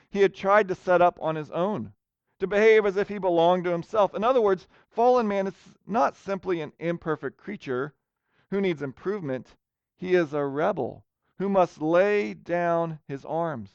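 A man preaches a sermon with an earnest, searching delivery, his questions rising with emphasis. His voice sits high and sounds smooth and resonant. The recording is dry and a little muffled. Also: dry recording. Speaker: pastor.

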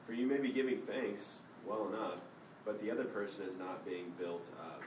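Group member in a Bible study, man, very low voice, distant and echoey. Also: normal speed, background noise.

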